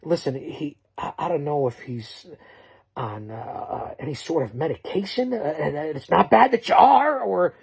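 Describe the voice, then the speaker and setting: A man's voice: a little high, expressive, moderate pace, gravelly, darkish tone, husky. A middle-aged man hosting a wrestling-style trash-talk promo, bombastic and rambling, stumbling over restarts as he hypes upcoming matchups. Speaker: show host promoting matchups.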